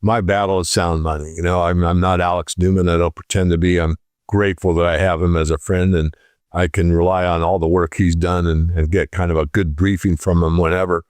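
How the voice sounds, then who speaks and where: Man, interview guest, casual storytelling, acts out dialogue, low voice, dry. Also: level tone, brisk, darkish tone, no room sound. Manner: acts out both sides of conversations.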